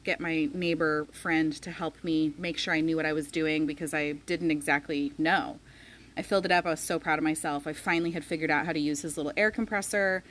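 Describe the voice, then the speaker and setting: A woman's voice: fairly low pitch, a bit bright, a little hiss or hum, rough recording. A woman in her thirties telling a personal story in a chatty vlog, full of "like" fillers. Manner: chatty, frequent "like" fillers, emotional retelling. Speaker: spiritual coach.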